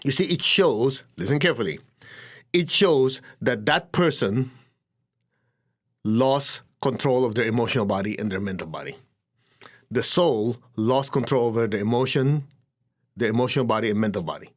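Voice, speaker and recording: A man giving a spiritual talk to an audience, at a middle pitch for a man. He tells stories with animation and breaks into quick laughs. He acts out the people in his stories as he goes. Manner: animated storytelling, acts out quoted voices, laughs often. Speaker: spiritual teacher. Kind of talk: lecture to an audience.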